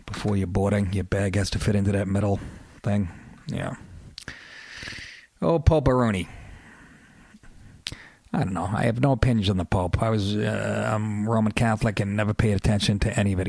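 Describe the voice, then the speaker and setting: A man's voice: on the low side, vocal fry, dry recording, studio quality. A man with a Boston accent, a comedian hosting his podcast in a profane, rambling comic monologue. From Massachusetts.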